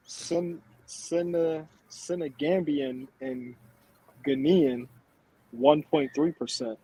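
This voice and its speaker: Dude with a slightly high husky voice, cussing and laughing through podcast banter. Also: male voice, takes it slowly, dark tone, rough recording. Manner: profane, laughing, blunt banter. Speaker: podcast co-host. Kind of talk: casual chat.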